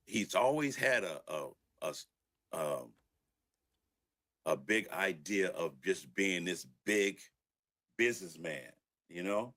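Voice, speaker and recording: An older man, a record producer, telling stories from his early studio days in a relaxed interview, laughing and acting out what people said. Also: low-pitched, slow pace, long pauses. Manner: laid-back storyteller who laughs and acts out quotes. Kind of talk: storytelling interview.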